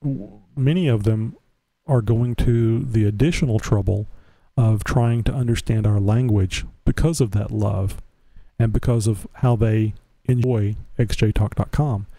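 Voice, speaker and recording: A man's voice: fairly low pitch, measured pace, creaky, warm tone, no echo. A man hosting a casual live internet show, rambling and restarting his words often. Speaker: host. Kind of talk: casual livestream chat.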